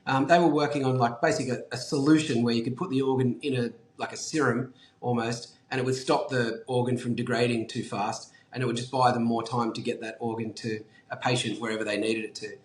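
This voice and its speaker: A man's voice: mid-range voice, level tone, fairly quick, few pauses. A man telling stories casually as an interview guest, chatty and laughing often, with casual swearing. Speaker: interview guest, business founder. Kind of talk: casual storytelling. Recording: echoey room.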